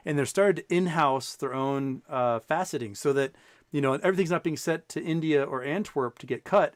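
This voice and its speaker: A man's voice: on the high side, no echo. A man hosting a podcast, telling a long story in casual chat and acting out the people in it, with many restarts. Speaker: podcast host.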